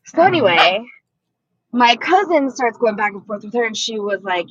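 A woman's voice: on the high side, sing-song, moderate pace, a bit bright, no room sound, lo-fi sound. A woman co-hosting a podcast, telling a story in casual chat and swearing a lot as she acts out the people in it. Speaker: podcast co-host.

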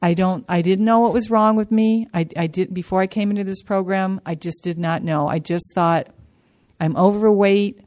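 In a workshop meeting room, a woman speaks at a support-group session, sharing her recovery story as personal testimony. Her mid-range, darkish voice stays fairly even in intonation while she talks haltingly and earnestly, restarting sentences, pausing hesitantly, and repeating key words for emphasis.

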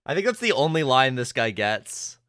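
A man co-hosting a podcast in casual chat, musing slowly with many fillers and restarts. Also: medium pitch, very animated, pushed and bright, dry recording. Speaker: podcast co-host.

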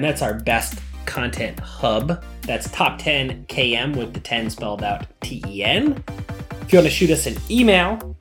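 A man co-hosting a casual podcast, reacting with enthusiastic exclamations and running the sign-off. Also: mid-range voice. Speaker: podcast co-host.

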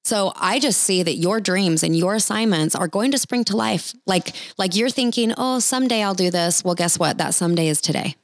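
Woman ministry leader, earnest, chatty, lowish voice, dry close sound. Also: moderate pace, few pauses, no room sound. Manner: earnest, chatty, speaks straight to the listeners. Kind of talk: encouraging talk with prayer.

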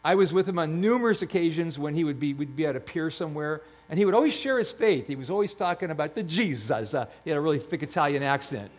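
Storytelling male pastor, slightly high voice. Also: animated, fast, hardly any pauses. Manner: storytelling, conversational with many restarts. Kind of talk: sermon.

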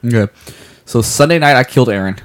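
A man with a medium-pitched, lively voice talks fast as a podcast co-host. In casual chat, he rambles playfully about his kids and running, often restarting his sentences.

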